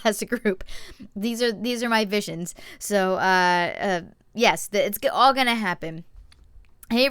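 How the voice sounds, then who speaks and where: Young woman rambling on a home livestream, super clear voice, dry room. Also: medium pitch, fairly bright tone, dry recording. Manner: chatty, rambling, many fillers and restarts. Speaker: musician hosting a live-streamed variety show. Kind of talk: casual live-stream chat to viewers.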